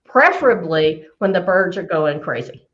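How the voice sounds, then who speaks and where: A woman career coach giving advice on a live show, emphatic and animated, repeating her key phrases for effect. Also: fairly low pitch, moderate pace, dull audio.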